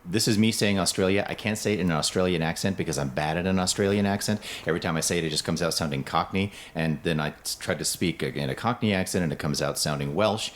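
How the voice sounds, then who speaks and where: A man's voice: deep voice, quick pace, few pauses. A man co-hosting a podcast in casual chat, joking and going off on tangents. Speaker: podcast co-host.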